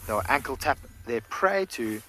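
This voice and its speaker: A man guiding a live safari outdoors, calmly explaining what the animals are doing. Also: mid-range voice, measured pace, a little hiss or hum. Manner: calm, explanatory. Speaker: safari field guide. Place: outdoors on a game drive.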